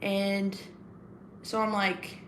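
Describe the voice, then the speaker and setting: Speaking very slowly in a level, mid-range voice, a woman hosts a casual livestream and says hello to chat viewers. She rambles chattily with fillers and restarts, in an echoey room with a faint hiss or hum.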